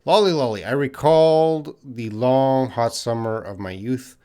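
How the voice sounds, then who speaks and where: Canadian guy answering english questions on a live stream, talks slow, repeats words for learners. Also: medium pitch, mellow, smooth. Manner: patient explaining, repeats words slowly for learners. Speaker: English teacher.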